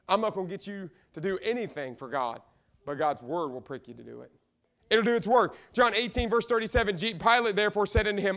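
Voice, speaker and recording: High-voiced Midwestern pastor preaching with passion. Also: male voice, animated, a little fast. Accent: Midwestern American. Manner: impassioned, swings between loud emphatic repeats and hushed asides. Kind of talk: sermon. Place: church sanctuary.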